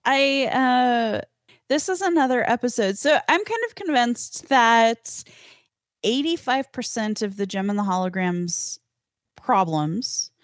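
A woman's voice: fairly high pitch, dry recording, clean studio sound. A woman guest on a podcast, giving thoughtful, reflective commentary in casual chat.

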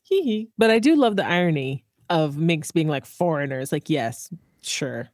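A woman's voice: low-pitched, big pitch swings, normal speed, a little mellow, dry recording, clean studio sound. A woman guest on a podcast, trading playful, jokey quips in casual chat.

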